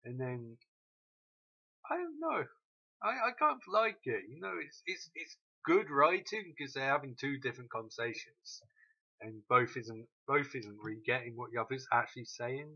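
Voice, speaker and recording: A man ranting through a TV episode recap, swearing often and mocking the characters in quick quoted asides. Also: medium pitch, lively intonation, bright, forceful tone, breathy edge, lo-fi sound. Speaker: show recap host.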